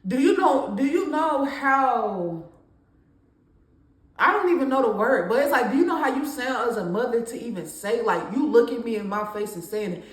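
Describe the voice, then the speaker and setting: A young woman tells a personal story in a candid, conversational way. Her voice sits a little high. The recording has a noticeable room echo. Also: lively intonation, normal speed. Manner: candid, conversational, with laughs and slang. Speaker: storytime vlogger. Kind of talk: casual storytime monologue.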